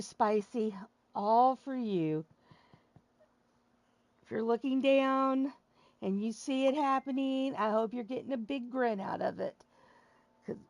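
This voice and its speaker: Gravelly woman chatting on a stream. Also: a little high, slow pace, pauses often, a little mellow, no echo. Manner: chatty, rambling, laughs at her own jokes. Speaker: wrestling show host. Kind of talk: casual chat to a live stream audience.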